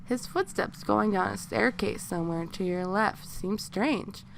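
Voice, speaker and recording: Woman reading a story with vocal fry. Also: medium pitch, measured pace, a little hiss or hum. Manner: breaks off into crude, joking asides. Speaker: reader of fan fiction. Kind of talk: casual narration of a second-person story.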